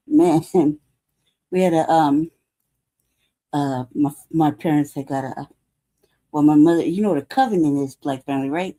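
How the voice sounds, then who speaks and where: A woman's voice: sits low, measured pace, long pauses, warm tone. A woman hosting a casual livestream, rambling through a personal story, laughing often and swearing freely. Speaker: livestream host.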